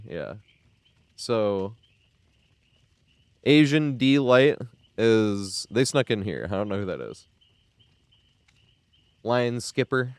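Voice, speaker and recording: A man streams and chats in a low voice that swings up and down a lot. He is excitable and profane, laughing often. The sound is dry and close. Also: no echo. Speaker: game streamer. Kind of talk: casual live-stream chat.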